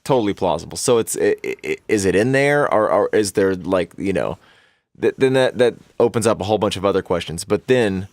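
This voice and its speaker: Low-voiced man in casual podcast chat. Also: animated, no echo. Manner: rambling, halting, lots of restarts and profanity. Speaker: podcast co-host.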